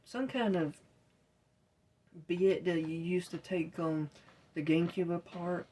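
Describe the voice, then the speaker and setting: A woman with a fairly low voice tells a long, winding story in a casual vlog. She rambles and quotes her own exasperated reactions. Faint keyboard typing can be heard behind her. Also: slow, mellow, a little hiss or hum. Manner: rambling, exasperated retelling with quoted self-talk. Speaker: vlogger. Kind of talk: casual storytelling while gaming.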